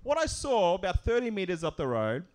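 A man telling a comic story at a live show, animated and often laughing as he acts out other voices. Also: high-pitched, fairly quick.

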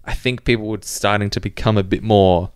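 A man's voice: lowish voice, brisk, clear, resonant tone, no echo, clean studio sound. Laughing man in casual film chat. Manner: laughs often, animated storytelling. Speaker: podcast co-host.

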